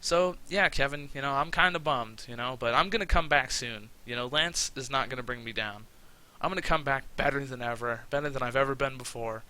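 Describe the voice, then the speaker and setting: A downcast wrestler, voiced by a man, who talks quietly and plainly. His tone stays bright. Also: medium pitch, brisk, smooth, natural voice, low-quality recording. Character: downcast male wrestler abandoned by his brother.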